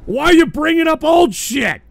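High, gravelly man ranting on air. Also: sing-song, normal speed, no room sound. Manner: profane, stammering, repeatedly shouting in outrage. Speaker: radio show host. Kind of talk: angry on-air rant.

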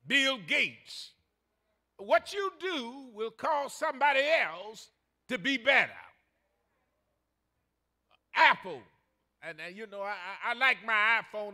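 Bright high-voiced older pastor preaching. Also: male voice, animated, takes it slowly, pauses often. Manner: folksy storytelling, rising to shouted emphasis. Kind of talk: sermon.

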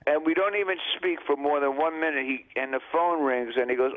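A man telling a comic story in an excitable, animated way, acting out both sides of the conversation. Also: a little high, a little fast, few pauses. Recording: muffled lo-fi archive audio.

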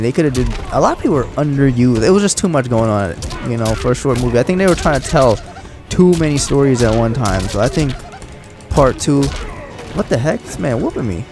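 A young man hosting a casual let's-play, chatting excitably with frustrated outbursts. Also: mid-range voice, fairly quick. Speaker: gaming channel host. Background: game music and sound.

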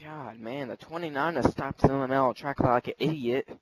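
A man's voice: mid-range voice, steady tone, normal speed, slight background noise, rough recording. A man in an online game voice chat, grumbling about other drivers. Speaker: player in voice chat.

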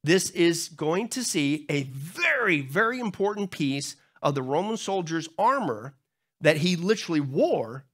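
A man's voice: on the high side, animated, a little slow, fairly bright tone, breathy edge. A man preaching a sermon as pastor, emphatic and joking, often asking the congregation rhetorical questions.

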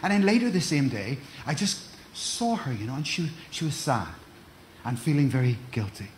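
A middle-aged pastor delivers a sermon at normal speed, his fairly high voice full of lively intonation. He engages the congregation with call-and-response, repeating words and restarting with stumbles. There is a little hiss or hum in the audio.

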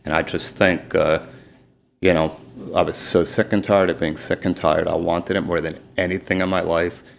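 A middle-aged man, a sports agent telling his story candidly in an interview, emphatic and retelling dialogue in rapid bursts. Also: sits low, flat delivery, creaky, slight background noise. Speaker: guest, sports and celebrity agent.

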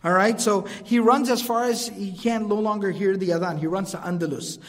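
A man preaches at a rapid clip in a fairly high voice, and his words ring out with the long reverb of a large hall. His delivery is quick and animated, moving from recited scripture into loose, casual asides. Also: noisy background. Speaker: preacher teaching a lecture series. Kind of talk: religious lecture.

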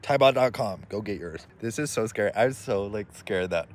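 A man's voice: on the low side, normal speed. Giggly young man vlogging. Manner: excitable, giggly, chatty. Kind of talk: casual vlog. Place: outdoors on a ski lift at night. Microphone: handheld phone. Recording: noisy outdoor phone recording.

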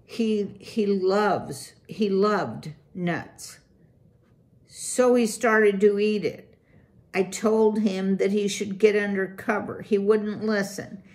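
A woman voicing an earnest young female mouse who stammers and talks haltingly. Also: medium pitch, a little mellow. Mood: upset.

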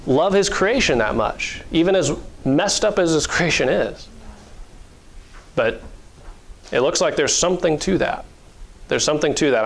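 A male pastor preaching a sermon in an earnest, conversational way, with fillers and soft chuckles. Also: mid-range voice.

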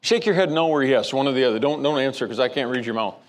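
A man's voice: mid-range voice, fast. A man preaching a sermon as pastor, telling a story with frequent stammered restarts.

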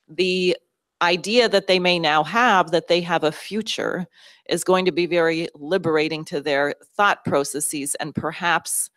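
A woman addresses a town hall audience in a low voice. She comes across as intense and driven, restarting her sentences as she thinks aloud. The sound is dry and close. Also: a bit bright. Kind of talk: public talk to an audience.

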